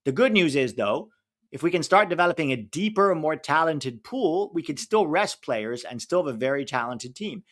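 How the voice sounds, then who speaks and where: A man's voice: fairly high pitch, lively intonation, normal speed, a bit bright. A man hosting a live football watch-along stream, chatting casually, rattling off lists and laughing as he answers viewers.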